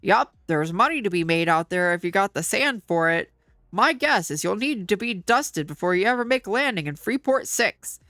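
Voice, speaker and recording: A woman putting on a gruff folksy spacer guy. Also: mid-range voice, animated, moderate pace, fairly bright tone, dry recording, clean studio sound, lightly acted. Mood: teasing. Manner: mock-folksy drawl with a put-on brogue. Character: gruff male space barfly, mixed accent.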